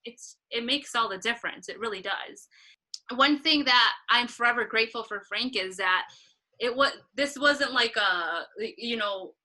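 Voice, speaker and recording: A woman in her thirties talks through her career in a casual interview, her voice bright and a little high. She tells her stories with animation and jumps into a higher, chirpier tone when she replays old conversations. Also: moderate pace, low-quality recording. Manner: animated storytelling, acting out past dialogue in a higher voice. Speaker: concert photographer guest.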